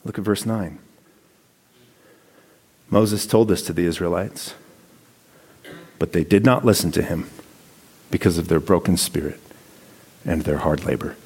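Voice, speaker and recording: A man's voice: sits low, measured pace, long pauses, darkish tone, husky. A man giving a sermon, reading scripture passages aloud and commenting on them in a conversational preaching tone. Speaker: pastor.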